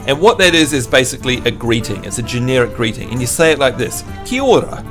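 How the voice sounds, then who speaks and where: A man's voice: mid-range voice, fast, a bit bright, soft background music. A man from New Zealand livestreaming a game, chatting in a jokey, self-mocking way with his viewers. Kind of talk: casual chat with viewers.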